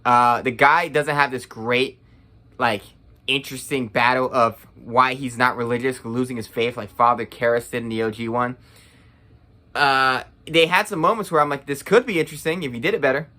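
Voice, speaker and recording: A man's voice: mid-range voice, normal speed, bright, forceful tone. A young man giving a casual, blunt and profane movie review rant, full of sarcasm.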